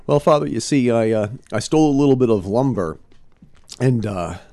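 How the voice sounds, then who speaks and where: A man voicing a sheepish male churchgoer confessing in a joke, halting and full of stammers. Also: medium pitch, animated, mellow, no room sound, pitched above the performer's own voice, natural voice. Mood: pleading.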